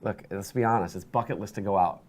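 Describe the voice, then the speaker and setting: A man talking as a guest in a studio interview, telling animated stories with lots of restarts and bursts of energy. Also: on the low side, quick pace, a little hiss or hum. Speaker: interview guest, sports broadcaster.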